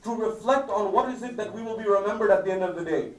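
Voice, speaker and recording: High-voiced man preaching in an echoey hall. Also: fast. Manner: emphatic, rhetorical questions to the audience. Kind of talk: sermon. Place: mosque hall. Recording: echoey hall, mic at a distance.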